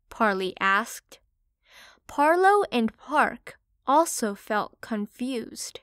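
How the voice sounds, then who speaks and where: A woman narrating a children's storybook audiobook, slow, clear and expressive. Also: on the high side, dry recording, studio quality.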